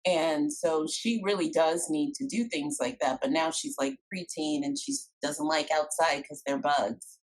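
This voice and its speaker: A middle-aged woman, a guest coach, chatting on a podcast and telling stories with animated acted-out dialogue. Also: sits low, unhurried, hardly any pauses, rough recording. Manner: animated storytelling, acts out quoted dialogue. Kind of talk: casual podcast chat.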